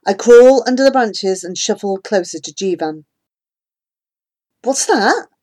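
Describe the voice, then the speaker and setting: A woman giving gentle, measured first-person narration of a storybook. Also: medium pitch, lively intonation. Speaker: audiobook narrator.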